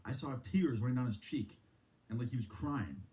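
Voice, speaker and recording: Casting note: young male streamer, laid-back storyteller, dark mellow tone, loose and profane. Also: medium pitch, expressive, moderate pace, low-quality recording. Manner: rambling, profane, heavy use of filler like. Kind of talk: casual storytime.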